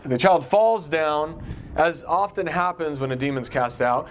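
A man's voice: a little high, measured pace, slight background noise. A man giving an informal Bible teaching in a conversational way, asking his listeners questions as he goes. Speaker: pastor.

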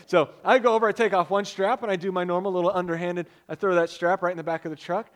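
High-voiced man telling a sermon story. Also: quick pace, few pauses. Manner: animated storyteller, loud bursts when excited. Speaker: pastor.

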